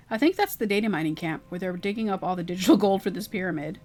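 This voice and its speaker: A woman hosting a game playthrough, making quiet, muttered asides to herself. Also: medium pitch, fast talker. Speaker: gaming channel host.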